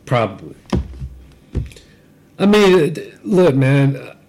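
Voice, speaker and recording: A man's voice: mid-range voice, big pitch swings, takes it slowly, darkish tone. A man co-hosting a podcast, telling rambling, profane stories about his workday with frequent restarts. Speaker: podcast co-host. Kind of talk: casual podcast rant.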